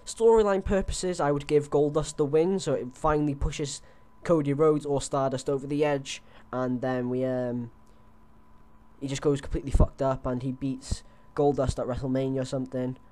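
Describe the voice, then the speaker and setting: A young host on a headset chats casually about his wrestling picks, with lots of fillers and false starts. His voice is medium-pitched and warm, with a steady tone and moderate pace.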